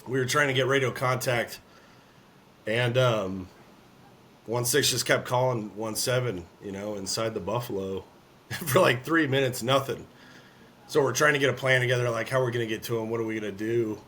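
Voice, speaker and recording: A man, an army veteran, telling a war story in an interview, earnest and halting, often clearing his throat. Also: mid-range voice, a bit bright, slight background noise.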